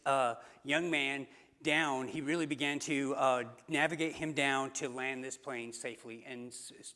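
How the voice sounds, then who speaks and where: A man's voice: a little high, pushed and bright. A man preaching a sermon as pastor, telling a story in a conversational way with fillers and restarts. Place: church sanctuary. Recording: long church hall reverb.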